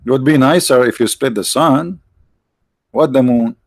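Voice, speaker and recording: A man hosting a live stream with mocking, sarcastic commentary and rhetorical questions, his voice tired, clearing his throat now and then. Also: mid-range voice, moderate pace, no echo. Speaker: online show host.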